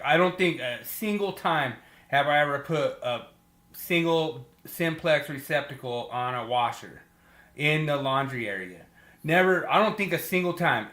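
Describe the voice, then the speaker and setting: A man's voice: on the high side, pushed and bright, echoey room. A man hosting a podcast, chatting casually and animatedly, laughing as he tells stories from field work. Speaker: podcast host.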